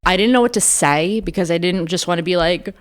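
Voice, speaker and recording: A woman's voice: fairly low pitch, fairly quick. Candid, swearing young woman storyteller. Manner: candid storytelling, frequent swearing and laughter, lots of "like". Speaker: podcast co-host. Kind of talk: casual chat.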